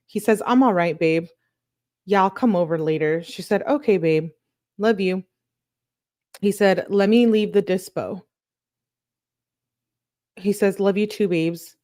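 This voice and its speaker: A woman hosting a true crime channel, reading text messages aloud in a plain, matter-of-fact way, with quick offhand comments between them. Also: lowish voice, a little mellow.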